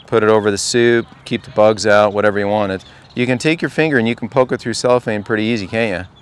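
A man's voice: on the low side, fast talker, clear, resonant tone. A man coaching a group at a golf clinic, talking casually and asking the group question after question. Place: outdoor golf practice range.

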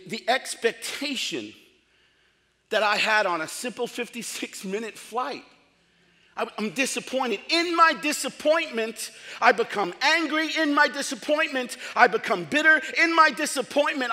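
A middle-aged man preaching a sermon as pastor, telling comic stories in an animated way and acting out quotes. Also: very high-pitched, in a large hall. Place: large church hall.

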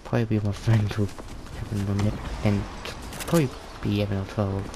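A man's voice: lowish voice, flat delivery, fast talker, noisy background. A man giving loose, rambling gaming commentary for his channel, full of slang and restarts. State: tired. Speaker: gaming video creator.

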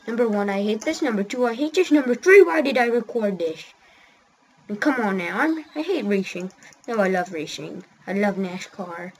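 A woman giving rambling, excitable commentary while playing a racing game, often yelling at what happens on screen. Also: fairly high pitch, unhurried, husky. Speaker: gamer. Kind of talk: gameplay commentary.

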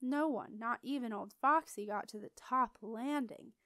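Expressive woman audiobook reader, higher voice, very dry close sound. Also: a little slow, no echo. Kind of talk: storybook narration.

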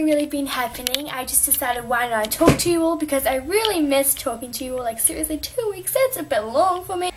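A woman chatting casually to her viewers in a vlog, bubbly with greetings and often filling pauses with "anyways". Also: high voice, a little hiss or hum. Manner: chatty, fills gaps with "anyways". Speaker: vlogger.

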